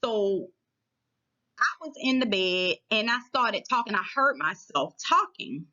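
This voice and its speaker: Animated woman telling a story, lo-fi sound. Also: medium pitch, unhurried. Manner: animated, chatty, checks in with listeners often. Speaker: vlogger. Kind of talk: casual personal storytelling.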